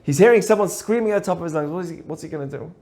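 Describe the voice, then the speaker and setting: Man teaching with a story, high voice, animated, acts out the characters. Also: very fast. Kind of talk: storytelling lesson.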